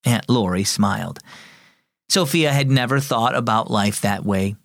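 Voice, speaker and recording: A man's voice: fairly low pitch, measured pace, gravelly, dry recording, studio quality. A man narrating a scripted children's devotional, earnest and encouraging.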